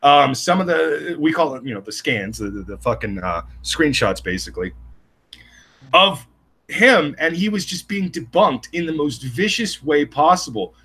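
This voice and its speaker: Crude podcast co-host, man, animated and sharp-toned, talks in restless bursts. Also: on the high side, husky. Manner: rambling, profane, fast bursts with restarts. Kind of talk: casual crude podcast banter.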